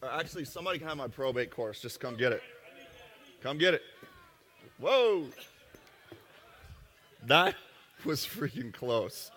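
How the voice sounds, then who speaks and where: Male seminar speaker, brash and joking, bright tone, echoey hall. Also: mid-range voice, lively intonation. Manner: brash, joking, rapid asides to the audience. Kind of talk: live seminar talk. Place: event room with an audience.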